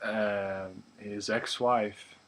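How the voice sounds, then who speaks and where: A man's voice: fairly low pitch, flat delivery, very slow, a bit bright, poor audio. A Norwegian man co-hosting a film podcast in casual chat, hesitant and searching for words. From Norway. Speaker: podcast co-host.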